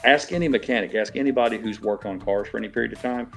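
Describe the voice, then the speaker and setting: A man's voice: fairly low pitch, fast, creaky, a bit bright, soft background music. A middle-aged man in a casual chat, telling an aggrieved, profane story in a ranting way. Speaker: stream regular.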